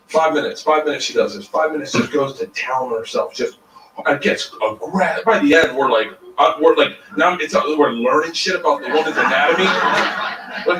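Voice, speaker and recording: A man doing stand-up storytelling, profane and animated, sometimes breaking into shouts, heard from a distance in a roomy space. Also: fairly high pitch, moderate pace. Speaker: stand-up comedian. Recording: roomy far-off stage recording with noise.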